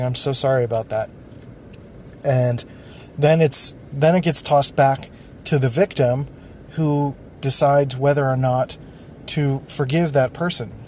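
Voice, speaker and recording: A man's voice: medium pitch, darkish tone, slight background noise. Rambling man hosting a solo podcast. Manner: rambling, thinking aloud with many fillers. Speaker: podcast host.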